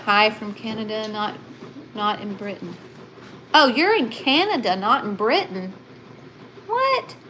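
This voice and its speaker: A woman's voice: medium pitch, unhurried, fairly bright tone, slight background noise, rough recording. A woman hosting a casual livestream, chatting and reading viewer comments aloud. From Southern United States.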